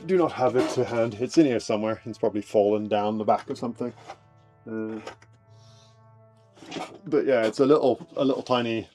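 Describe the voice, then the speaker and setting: A man's voice: mid-range voice, dark tone. A man casually explaining fossil preparation on a live stream from his shed, rambling with many fillers, his voice fading as he moves away from the desk mic. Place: home shed workshop. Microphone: desk mic, voice fades as he moves away.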